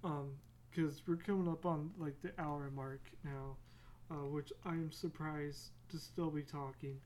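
A woman's voice: low voice, steady tone, measured pace, a little mellow, a little hiss or hum. A woman hosting her own podcast, talking in a casual, rambling way, going off on tangents, swearing freely and joking about herself. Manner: casual swearing, self-mocking. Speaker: podcast host. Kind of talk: casual solo chat.

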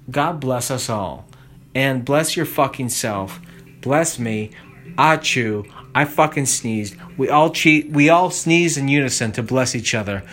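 A man hosting a rambling solo podcast monologue, swearing constantly and drifting between low mutters and loud outbursts. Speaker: podcast host.

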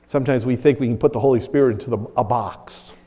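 A man preaching a sermon as pastor, animated and acting out the voices of people he quotes, chuckling often. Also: medium pitch, fast, big-room sound.

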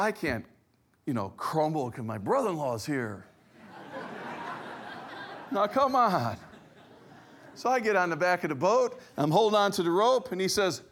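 A middle-aged man preaching a sermon, telling a personal story with lively acted-out quotes. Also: high-pitched. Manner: animated storyteller, acts out quoted voices. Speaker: pastor.

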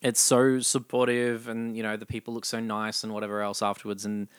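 A man's voice: lowish voice, brisk, clear, resonant tone, no echo, studio quality. A man co-hosting a casual chat, telling stories with lots of energy, swearing and laughing. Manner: animated storyteller, swears, laughs easily. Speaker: podcast co-host. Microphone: studio microphone up close.

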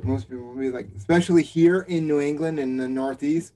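A man's voice: a little high, a little fast, dark tone. A man co-hosting a casual podcast, speaking in an earnest, supportive way with lots of fillers. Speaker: podcast co-host.

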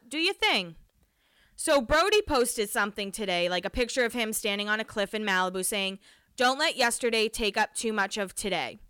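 A young woman chats through her solo podcast with a bright, forceful voice that comes across smooth and crisp. She gossips freely, peppers her talk with "like," and swears without a second thought. The sound is close and dry, with no room around it. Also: medium pitch, no room sound. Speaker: podcast host. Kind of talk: casual solo podcast chat.

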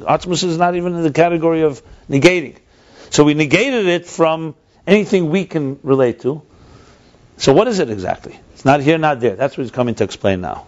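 A man teaching a text class, reading passages aloud and explaining them step by step, often repeating himself. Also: on the high side. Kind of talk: text study lesson. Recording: dull lo-fi recording.

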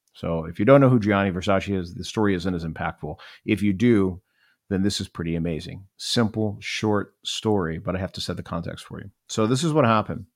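Gravelly low-voiced man telling a story. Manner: rambling, reflective, repeats phrases. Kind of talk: personal storytelling.

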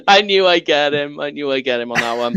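A man from the United Kingdom co-hosting a casual sports podcast, lively and teasing, quick to laugh. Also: on the high side, vocal fry. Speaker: podcast co-host.

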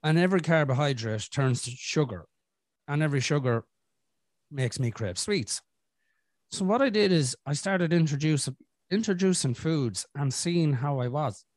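Man, podcast host, lively swinging pitch, candid casual storytelling, dry close sound. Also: normal speed, dry recording. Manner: candid, animated storytelling with frequent swearing. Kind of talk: casual conversation.

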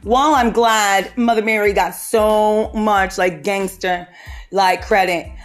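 Slow-talking woman riffing on a podcast. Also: mid-range voice, faint music behind. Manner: animated, jokey, slips into quick impressions. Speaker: podcast host. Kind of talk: casual comedic riffing.

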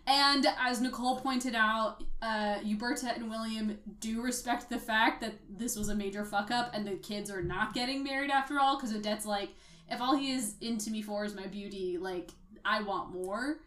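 Higher-voiced woman chatting about a movie, swears a lot, echoey room sound. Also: moderate pace. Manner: animated, swears freely, acts out quotes. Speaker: podcast co-host. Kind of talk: casual chat reviewing a film. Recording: roomy echo.

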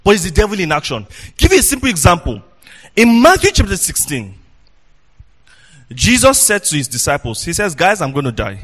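A man preaching a sermon as pastor, in a sing-song, animated delivery, questioning his congregation and at times shouting for emphasis. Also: sits high, moderate pace, pauses often, husky.

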